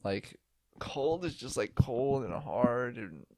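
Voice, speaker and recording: A man's voice: medium pitch, very animated, slow pace, gravelly, darkish tone, no room sound. A young man co-hosting a casual podcast chat, blunt and sarcastic, swearing freely. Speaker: podcast co-host.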